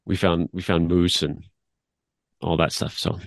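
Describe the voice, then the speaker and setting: Brief: deep-voiced man in his fifties, easygoing guest who rambles through stories, dry recording. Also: flat delivery, a little slow, creaky, dry recording. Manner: rambling storyteller, laughs often. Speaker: guest, media producer. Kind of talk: casual interview chat.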